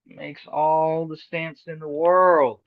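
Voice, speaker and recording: A man's voice: fairly high pitch, little pitch movement, takes it slowly. A man co-hosting a wrestling podcast, dropping dry, sarcastic remarks in casual chat. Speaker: podcast co-host. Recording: dull and distant from the mic.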